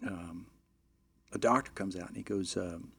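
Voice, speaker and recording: A middle-aged man telling a long, animated anecdote in a casual way, with frequent "you know" fillers and restarts. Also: low-pitched, normal speed, creaky, husky. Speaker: storyteller.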